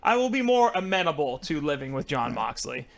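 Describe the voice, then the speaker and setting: Dude rambling on a podcast, lots of "like" and "um", kinda higher voice. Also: male voice, big pitch swings, a little fast, vocal fry, over a noisy crowd. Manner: rambling, lots of fillers and restarts, laughs easily. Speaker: podcast co-host. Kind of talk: casual chat.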